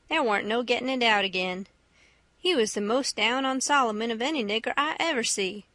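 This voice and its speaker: A woman reading an audiobook in a steady storytelling manner. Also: fairly high pitch, no echo. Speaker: audiobook narrator. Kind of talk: audiobook narration.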